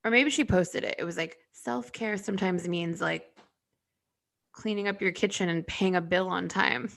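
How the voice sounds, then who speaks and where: A woman's voice: fairly low pitch, normal speed, creaky, a bit bright. A woman in her thirties co-hosting a podcast, chatting casually with a dry, blunt, sardonic manner. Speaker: podcast co-host. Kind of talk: casual chat.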